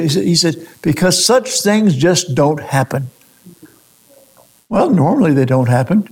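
A male preacher with a high-pitched voice and a gravelly edge. He delivers a sermon in a searching way, firing off rhetorical questions and often stopping to restart a phrase. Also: very animated, measured pace, a little mellow. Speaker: pastor.

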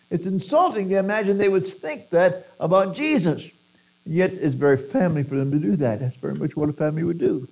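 A man's voice: fairly high pitch, brisk, darkish tone, low-quality recording. A man preaching a sermon who acts out quoted voices and sometimes repeats words.

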